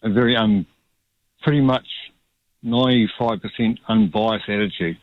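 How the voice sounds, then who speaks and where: Hesitant New Zealand caller on a dull phone line. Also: male voice, fairly low pitch, fairly even intonation, dry recording. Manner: hesitant, halting, many ums.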